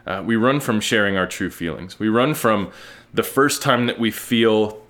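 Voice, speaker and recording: A man with a somewhat low voice hosts a solo podcast monologue. He speaks earnestly and frankly, reflecting out loud and tossing in casual swearing. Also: normal speed. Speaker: podcast host.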